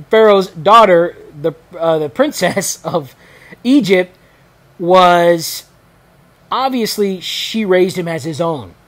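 A man reading a Bible passage aloud and stopping to comment in a loose, rambling way, often repeating himself and leaning on fillers. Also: high-pitched. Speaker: Bible teacher on a video channel. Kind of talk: reading scripture with casual commentary.

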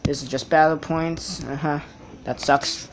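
A young man with a slightly high voice talks through a mobile card game in a loose, rambling way, stopping often to correct himself. He perks up whenever a good card comes out. It is recorded through a tablet's built-in mic, with faint hiss underneath. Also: measured pace. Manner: rambling, self-correcting, excitable over card pulls. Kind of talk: casual gameplay commentary.

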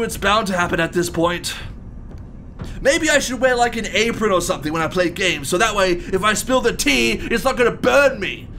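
A man as a fussy, bright toy bear gentleman. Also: high voice, a little hiss or hum, heavily acted. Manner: exclamatory, fussy, addresses people as sir. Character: polite gentleman toy bear animatronic, tea-loving. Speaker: let's-play host. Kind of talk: gameplay commentary in character.

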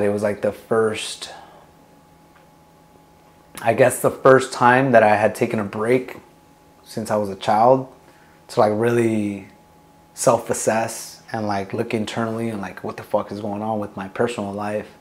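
A man's voice: lowish voice, little pitch movement, measured pace. A young man, a Marine veteran, talks candidly about his past in a casual interview, swearing freely and filling his speech with "like" and "dude". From Long Beach, California. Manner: candid, profane, many fillers like "like" and "dude".

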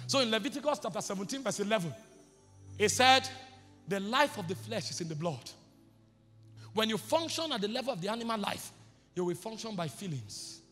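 A man preaching a fervent sermon, shouting and repeating declarations to his congregation in a church hall. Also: high voice, very animated, a little fast, pauses often. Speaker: apostle preaching. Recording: music behind, long hall reverb.

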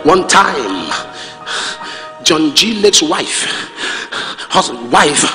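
Male pastor, sing-song shouting sermon style, faint music behind him. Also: fairly high pitch, big pitch swings, drawn-out words, in a large hall.

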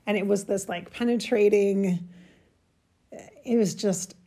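A woman telling a personal spiritual story in a halting, emotional way, searching for words and getting choked up. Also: mid-range voice, fairly even intonation, dark tone. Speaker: spiritual channel host.

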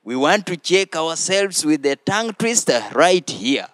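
A man hosting a children's church show, teaching slowly and prompting the children to repeat phrases after him. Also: fairly high pitch, very animated, fairly bright tone, no room sound. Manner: slow, deliberate, prompting listeners to repeat phrases. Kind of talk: teaching children with call-and-response.

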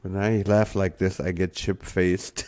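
Hosting a live stream, a man reads viewer comments aloud and laughs often, sometimes to tears. His voice sits low and level with a slightly mellow quality, and his delivery is slow and drawn-out.

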